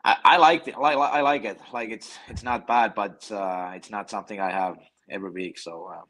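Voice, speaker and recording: A Finnish man speaks English as a second language with a Finnish accent. He talks in a halting way, restarting and repeating words. His voice is somewhat low. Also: a bit bright. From Finland. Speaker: professional hockey player guest. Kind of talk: casual interview.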